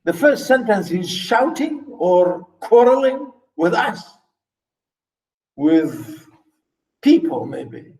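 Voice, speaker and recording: A man's voice: high voice, sing-song, slow pace, long pauses, a little mellow. A man lecturing on a story, repeating key words for emphasis and asking rhetorical questions. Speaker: literature lecturer. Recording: echoey room.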